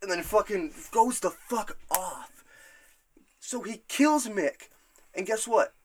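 A man hosting a casual podcast, retelling scenes in a rambling, profane, animated way. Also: high voice, takes it slowly, a little hiss or hum. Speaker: podcast host.

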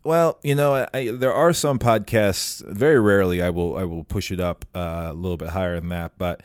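A man hosting a casual podcast, talking in a halting way full of fillers and restarts. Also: low-pitched, clean tone, dry recording, studio quality. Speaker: podcast host. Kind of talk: casual chat.

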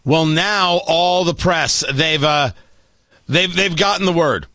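A man's voice: on the high side, takes it slowly, sharp tone, no echo. A male talk radio host giving commentary in a sarcastic, mocking, exasperated way.

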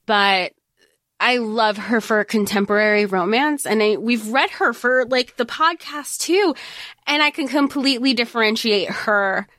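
A woman's voice: a little high, unhurried, a bit bright, no room sound. A woman co-hosts a podcast in easy casual chat. She rambles through asides and restarts in a conversational way. The recording is dry with no room sound. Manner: chatty, rambling with many asides. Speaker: podcast co-host.

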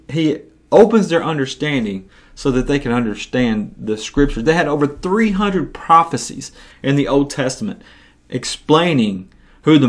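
A man hosting a Bible-teaching podcast, telling the story in an earnest, animated way. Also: medium pitch.

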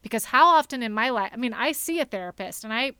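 A woman with a bright, crisp voice that has a slightly high pitch. She co-hosts a casual chat and reflects openly, thinking aloud. The sound is dry and close. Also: animated, quick pace, no echo. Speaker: co-host.

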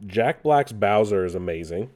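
A man's voice: on the low side, animated, moderate pace, a little mellow. A man casually hosting gaming news, rambling with many fillers and restarts. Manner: rambling, with frequent fillers and self-corrections.

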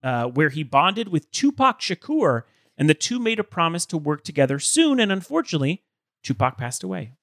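Male podcast host, a bit high-pitched, dry sound, playful trivia-lover. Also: big pitch swings, normal speed, vocal fry, fairly bright tone, dry recording. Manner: enthusiastic, joking, full of trivia. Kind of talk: casual chat.

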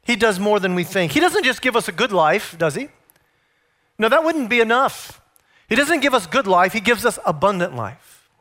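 Bright-voiced, high-pitched male preacher. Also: sing-song, moderate pace. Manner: emphatic, with rhetorical questions to the congregation. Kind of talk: sermon.

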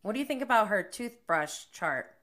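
A woman's voice: medium pitch, expressive, a bit bright. A woman hosting a podcast in casual chat, eager and chatty, asking questions. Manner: eager, chatty, quick reactions.

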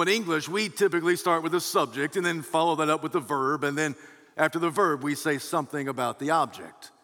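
A man's voice: on the high side, bright, forceful tone. A male pastor giving an emphatic sermon, swelling and dropping his voice for emphasis, in a large church. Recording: long hall reverb.

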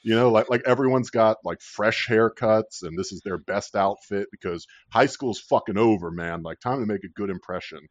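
A man's voice: on the low side, moderate pace, few pauses, dry recording, muffled recording. A man in his thirties casually telling a rambling personal story, swearing freely and laughing at his own tale.

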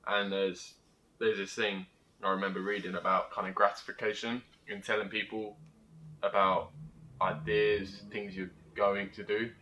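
Bright low young man explaining. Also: level tone, normal speed, rough recording. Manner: explains with examples and acted quotes. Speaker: podcast co-host. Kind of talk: casual chat.

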